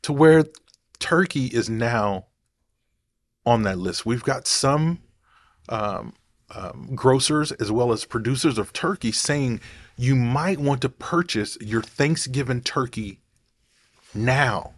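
Guy vlogging, slow and digressive, keeps going off on tangents, dry recording. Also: medium pitch, animated, dry recording. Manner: rambling, digressive, thinks aloud. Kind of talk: casual talk to camera.

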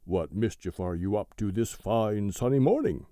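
Narrator as an old grandfather frog, gruff and low, dark-toned. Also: animated, moderate pace, no room sound, clean studio sound, close to an everyday voice.

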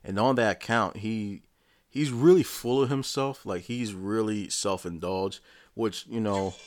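A deep-voiced man tells a story in a loose, rambling rant, with swearing in almost every line. The sound is dry and close, with no room around it. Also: no echo. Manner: profane, rambling, animated storytelling. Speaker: vlogger. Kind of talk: casual rant recapping a show.

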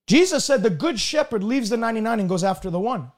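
High-voiced man preaching emphatically. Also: lively intonation. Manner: emphatic, swings between loud high passages and low drawn-out ones. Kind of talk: sermon.

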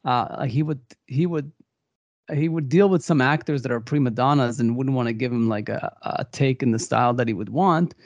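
A man co-hosting a movie podcast, telling a behind-the-scenes story in a rambling, animated way with many restarts. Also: medium pitch, normal speed, no room sound, muffled recording. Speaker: podcast co-host. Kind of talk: casual movie discussion.

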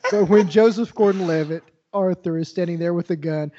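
A man's voice: sits high, fairly quick, dull audio, crowd noise. A laid-back, folksy man co-hosting a podcast and chatting casually about a movie. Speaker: podcast co-host.

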